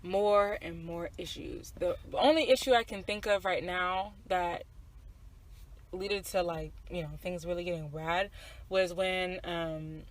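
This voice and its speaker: A woman's voice: fairly low pitch, unhurried, rough recording. A woman in her twenties, co-hosting a podcast and telling a personal story in casual chat, candid and profane, with many fillers and asides to her listeners. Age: 20s. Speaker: podcast co-host.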